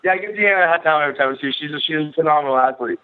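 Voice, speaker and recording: A man's voice: on the high side, racing. A man calling into a podcast, chatting casually, often repeating himself and laughing. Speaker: caller. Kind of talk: casual call-in chat. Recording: tinny phone line.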